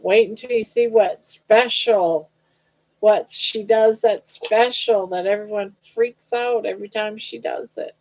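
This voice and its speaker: An older woman hosts a casual livestream chat, rambling along, reading viewer comments aloud and cooing at her dog. She speaks unhurriedly in a steady, medium-pitched voice. The livestream audio is dull and lo-fi.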